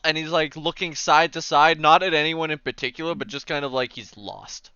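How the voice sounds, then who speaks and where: A man's voice: fairly high pitch, animated, moderate pace, hardly any pauses, pushed and bright, clean tone, no room sound, lo-fi sound. A man narrating a tabletop game as game master, casual and full of fillers.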